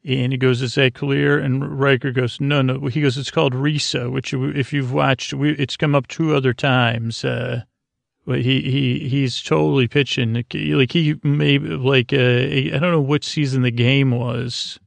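A man's voice: medium pitch, steady tone, unhurried, vocal fry, no echo. A man hosting a podcast, giving a meandering bedtime recap of an episode. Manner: rambling, meandering retelling. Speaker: podcast host.

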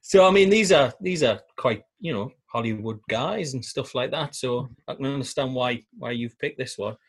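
Husky podcast host. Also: male voice, mid-range voice, normal speed. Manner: laughs often, jokey storytelling. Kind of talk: casual chat.

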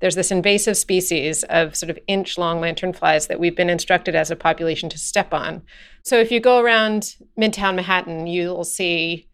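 A woman's voice: on the low side, normal speed, clear, resonant tone. A woman correspondent on a news podcast, describing things in a playful, vivid way. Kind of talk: conversational news chat.

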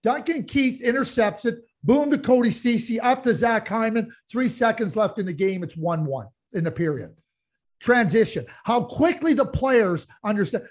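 A man co-hosting a casual hockey podcast, talking in an animated way, getting heated and restarting often. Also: extremely high pitch, normal speed. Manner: animated, gets heated and loud, many restarts. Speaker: podcast co-host, hockey analyst. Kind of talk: casual sports chat.

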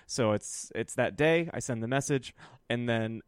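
A man with an ordinary middle-pitched voice talks loosely on a podcast, cursing and joking but also able to speak sincerely. The sound is dry and close to the mic. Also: a little slow, clear, resonant tone, no room sound. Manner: profane, joking, earnest apologies. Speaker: podcast co-host. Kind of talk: casual chat.

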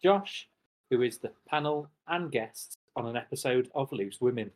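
Animated improv game host. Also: medium pitch, moderate pace. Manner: animated, announcing scene setups. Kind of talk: improv comedy introduction.

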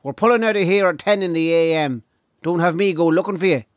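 A man's voice: fairly high pitch, fast, dry recording, voice pushed up, lightly acted. A man putting on a bossy tour manager, half gentry and half traveller, with a raised, clipped voice. He barks brusque warnings. The sound is dry and close.

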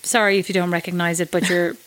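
A woman's voice: lowish voice, flat delivery, fast talker, background noise. A woman from Ireland with an Irish accent, co-hosting a podcast and telling wry, chatty stories in casual conversation. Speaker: podcast co-host. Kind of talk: casual chat.

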